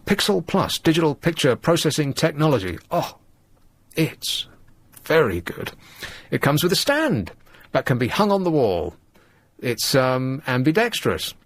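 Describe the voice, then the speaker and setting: A man hosting a late-night radio show, chatting and joking as he rambles through the stories. His pitch moves around a lot, lively and animated. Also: dry recording. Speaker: radio host. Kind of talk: casual radio chat.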